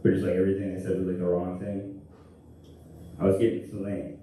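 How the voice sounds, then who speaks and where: A young man does crude stand-up on a club stage, rambling through bits with deadpan asides. His voice sits at a middling pitch. It sounds very echoey and far from the mic, with noise around it. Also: fast talker. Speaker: stand-up comedian, contestant. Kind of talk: stand-up comedy. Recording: echoey room, distant mic, noisy.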